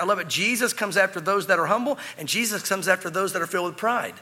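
A man preaching an animated sermon in a church hall. His voice is high, bright and slightly husky, and it rings with long reverb. He slips in and out of the parable's characters as he talks. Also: fast. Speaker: pastor.

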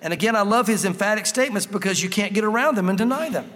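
A man preaching in a high, bright-pitched voice, hammering points home with repetition. His conversational sermon rings out with a long reverb tail, as in a large hall. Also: lively intonation, fast. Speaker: pastor.

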